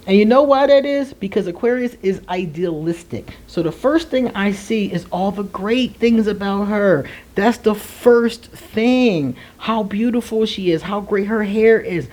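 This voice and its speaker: Animated woman telling a story. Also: on the low side, a little slow. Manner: animated, laughing, slangy asides. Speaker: astrology vlogger. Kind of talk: candid storytelling chat to viewers.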